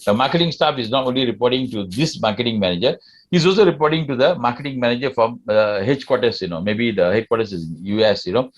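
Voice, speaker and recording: Husky Malaysian English lecturer, man. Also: mid-range voice, fast. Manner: asks the class questions, tags sentences with "lah". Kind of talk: classroom lecture.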